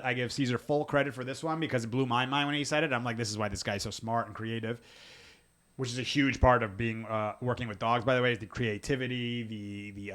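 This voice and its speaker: A man in his own relaxed voice, talking dogs and training at a quick clip. He spins animated stories and acts out what other people said, swearing freely as he goes. His pitch sits in the middle range for a man. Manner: fast, animated storytelling with acted-out quotes. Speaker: dog trainer and show host. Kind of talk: casual podcast chat.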